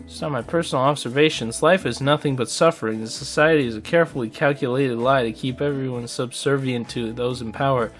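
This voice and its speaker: A man voicing a gloomy, cynical female ghost, speaking in a flat, mumbled, low-energy way. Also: brisk, few pauses, soft background music, lightly acted.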